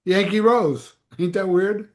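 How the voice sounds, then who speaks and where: Animated man telling stories in an echoey room. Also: high-pitched, slow pace. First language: Spanish. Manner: animated storyteller, swears freely. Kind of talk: casual chat.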